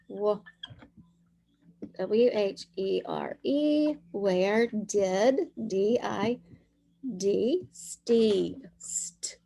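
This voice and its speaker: A woman's voice: mid-range voice, gravelly, dark tone. A woman teacher leading young children through a dictation lesson, sounding out words and spelling them letter by letter.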